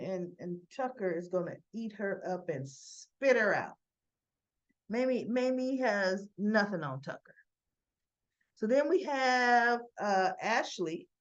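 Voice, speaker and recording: A woman's voice: on the high side, dull audio. A woman hosting a casual recap show, chatting and retelling scenes with quoted lines and frequent restarts. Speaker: soap opera recap host.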